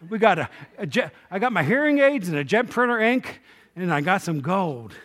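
A man's voice: high voice, sing-song, normal speed, a bit bright. A male pastor preaching a conversational sermon in church, with asides and questions to the congregation.

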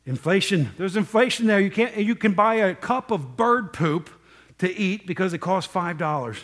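A man's voice: high-pitched, moderate pace, fairly bright tone. A man teaching a Bible story in a casual, conversational way, often asking his listeners questions.

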